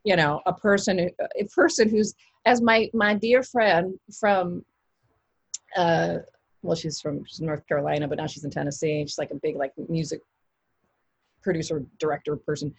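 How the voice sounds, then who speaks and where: A woman's voice: low-pitched, steady tone, normal speed, vocal fry, breathy edge, no room sound. A woman, an actress, talking casually in an interview, rambling with many fillers and restarts. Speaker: actress guest.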